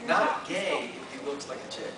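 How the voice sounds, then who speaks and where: A man telling a story to a convention crowd, his voice bouncing all over its range as he jokes at his own expense. He is a little higher-pitched than most men. The mic is far away in an echoey hall, with heavy background noise. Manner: lively, joking, self-mocking, with quick restarts and acted-out voices. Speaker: guest artist at a fan Q&A. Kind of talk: animated storytelling at a convention panel. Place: convention hall, in front of an audience.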